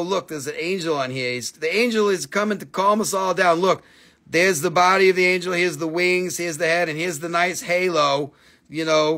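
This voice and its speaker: A man's voice: high-pitched, a bit bright. Joking, crude-talking man selling crystals live. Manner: joking, crude, swearing, auction-style price calls. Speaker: host of a live crystal sales stream. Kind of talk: casual live-stream selling chat.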